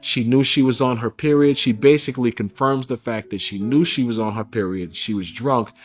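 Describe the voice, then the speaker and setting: A man giving an interview, recounting a personal story in a candid, casual way with slang, getting animated when he quotes others. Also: medium pitch, a little fast, faint music behind.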